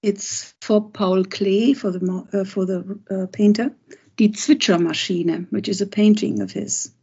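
A woman translator talks through her craft slowly, with lots of pauses and restarts. Her voice is gravelly, dark and husky. The recording sounds dull and lo-fi. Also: medium pitch, flat delivery. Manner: thoughtful, halting, many pauses and restarts. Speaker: poet and translator. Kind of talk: unhurried interview talk, reading a poem aloud.

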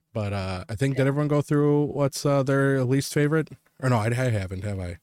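A man's voice: medium pitch, normal speed, darkish tone, no room sound. Ranting, profane man in a dry room. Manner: profane, emphatic, rambling with many fillers. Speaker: podcast co-host. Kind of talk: ranting anecdote to co-hosts.

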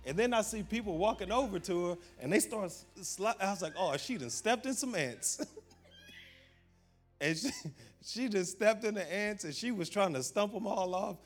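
A man preaches in a relaxed, conversational way, his voice sitting a little high for a man. He laughs often as he tells his stories and repeats key phrases for emphasis. Soft music plays faintly underneath. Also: normal speed. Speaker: pastor. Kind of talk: casual humorous sermon.

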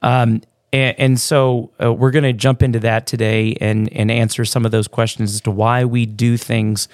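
A man who is a pastor, co-hosting a church podcast in relaxed, joking chat with many fillers and restarts. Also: medium pitch, normal speed, no room sound, clean studio sound. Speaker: pastor, co-host.

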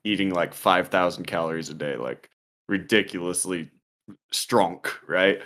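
A young man co-hosting a podcast tells a story in casual, profane, rambling chat packed with "like" and "dude." His voice is low-pitched yet fairly bright, with a measured pace.

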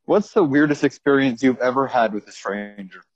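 Deadpan teenage boy on a muffled call. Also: mid-range voice, moderate pace, a little hiss or hum. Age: teens. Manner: deadpan, crude jokes. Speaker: podcast co-host. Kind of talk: casual chat. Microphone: phone on a call.

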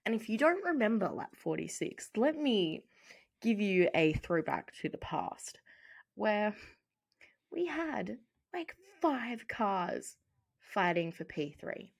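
A woman's voice: medium pitch, sing-song, slow, gravelly, slightly rough. A woman co-hosting a casual podcast chat, playful and steering the topics. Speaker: podcast co-host.

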